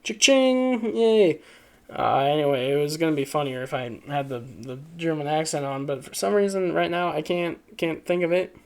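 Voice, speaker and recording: A man's voice: on the high side, steady tone, fairly quick, creaky, hardly any pauses, a little mellow. A man casually reacting to online posts, rambling and joking. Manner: rambling, joking, lots of fillers and laughs. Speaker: video creator.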